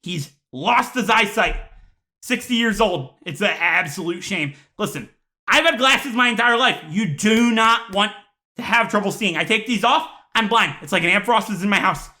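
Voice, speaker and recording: A man doing a comedic rant to camera, mock-outraged with deadpan asides, sighs and laughs. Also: high voice, normal speed. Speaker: YouTuber.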